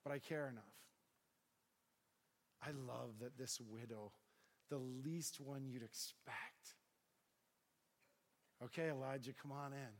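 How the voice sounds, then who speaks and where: Animated man preaching in an echoing hall. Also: mid-range voice, takes it slowly, long pauses. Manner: animated storyteller acting out dialogue. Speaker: pastor. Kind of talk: storytelling sermon.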